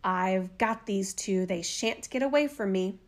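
A woman reading a fairy tale aloud, voicing a cruel old witch in a lower, gruff, scolding voice. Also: unhurried, natural voice. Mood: menacing. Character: wicked old female witch, cruel and greedy. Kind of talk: storybook reading.

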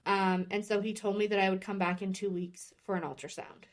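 A woman's voice: medium pitch, steady tone, fairly quick. Woman in her 30s, earnest and emotional, telling her own story on a podcast. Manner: earnest and openly emotional, speaking candidly. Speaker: guest sharing her story. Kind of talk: personal storytelling in a podcast interview.

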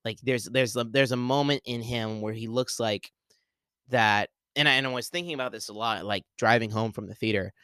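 A man's voice: medium pitch, a little fast, bright, forceful tone, smooth, no echo. A young man hosting a podcast alone, rambling through a casual spoiler talk with many fillers and restarts. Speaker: podcast host.

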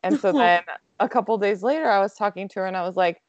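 A woman's voice: mid-range voice, expressive, fairly quick, dry recording, muffled recording. A young woman telling a personal story in a casual chat, chatty and full of filler words, laughing often.

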